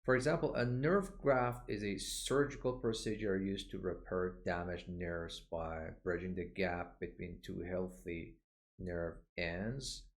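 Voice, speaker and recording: A man with a very low voice teaches medical terms in a recorded online lesson. He speaks slowly and patiently, explaining each word and saying it again so learners can copy the pronunciation. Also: fairly even intonation. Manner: explanatory, with frequent "uh" fillers. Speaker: English vocabulary teacher.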